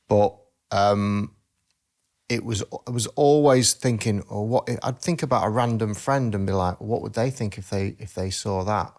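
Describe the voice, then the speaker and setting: A man speaking at a fairly low pitch in a casual podcast chat. He talks candidly and reflectively, thinking aloud as he goes. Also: normal speed, a little mellow.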